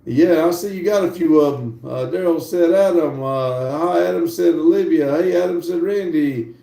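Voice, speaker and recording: Gravelly man reading chat. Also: a little high, normal speed. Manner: relaxed, chatty, laughs easily. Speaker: livestream host. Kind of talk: casual live stream, reading viewer chat aloud. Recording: roomy sound from a distant mic.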